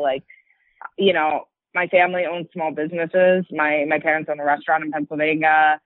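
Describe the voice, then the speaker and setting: A woman's voice: low-pitched, steady tone, moderate pace, no room sound. A woman fighter chatting casually in an interview, rambling with lots of likes and you-knows. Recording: dry, tinny phone-like line.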